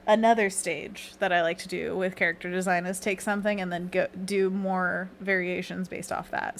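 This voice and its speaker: A woman's voice: mid-range voice, slight background noise. Bubbly giggly woman streaming her drawing. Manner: bubbly, giggly, chatty, reads chat aloud. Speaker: art livestream host. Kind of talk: casual livestream chat while drawing. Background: faint background music.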